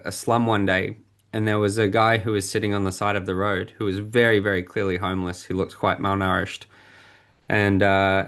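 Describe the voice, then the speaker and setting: A man with a fairly low voice shares a candid story from his own life as a podcast guest. He talks reflectively, pausing and restarting as he searches for the right words. He is speaking into a podcast mic.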